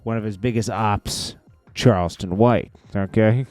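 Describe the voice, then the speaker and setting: A man's voice: fairly low pitch, a little slow, over loud music. A man hosting a casual celebrity news commentary, rambling with chuckling asides. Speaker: host.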